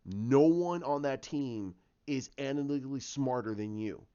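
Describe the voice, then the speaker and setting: A man voicing an earnest male superhero, speaking slowly and deliberately. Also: mid-range voice, warm tone, clear, resonant tone, close to an everyday voice. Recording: dull lo-fi sound.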